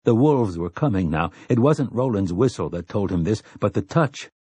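Low, husky male storyteller. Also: lively intonation, dark tone, dry recording. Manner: measured storytelling. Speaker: audiobook narrator. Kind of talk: scripted narration.

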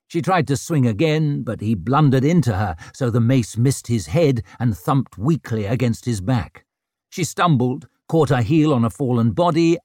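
A male audiobook narrator with a mid-pitched voice whose pitch rises and falls freely. He tells the story with dramatic flair. The recording is dry and close, with no room sound. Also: darkish tone, no room sound. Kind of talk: scripted narration.

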